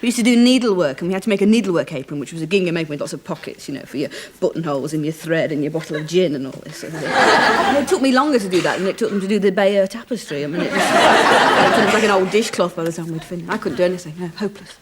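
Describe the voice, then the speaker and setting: A woman's voice: fairly low pitch, racing, few pauses, heavy background noise. A woman comedian on a talk show, telling self-mocking anecdotes in a dry manner and acting out quoted voices. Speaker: comedian guest. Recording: 1980s TV studio with audience laughter.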